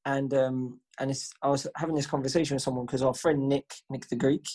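A man co-hosting a podcast, chatting casually and telling an animated story, swearing freely and acting out the voices of people he quotes. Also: medium pitch, fairly quick, husky. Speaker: podcast co-host. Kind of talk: casual chat.

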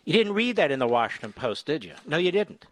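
A middle-aged man hosting a talk radio show, reading articles aloud with sarcastic commentary and squeaky mocking impressions. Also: sing-song, quick pace, no echo. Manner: mocks people with high, squeaky put-on voices.

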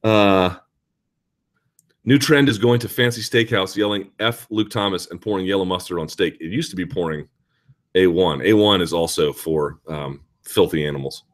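Low-voiced man ranting on a live chat. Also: normal speed. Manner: animated, ranting, sarcastic. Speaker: host of a live chat show. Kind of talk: casual live-chat commentary, reading viewer questions.

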